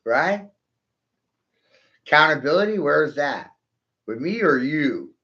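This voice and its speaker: A man's voice: fairly high pitch, sing-song, slow pace, sharp tone, highs cut off. A man ranting to his viewers in a profane, sarcastic monologue, taunting them with rhetorical questions. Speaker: vlogger.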